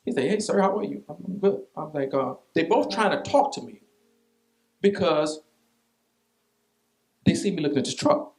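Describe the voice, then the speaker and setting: A man preaching a sermon as pastor, telling a personal story in an animated, repetitive way with vernacular asides. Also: fairly high pitch, moderate pace, long pauses, faint music behind.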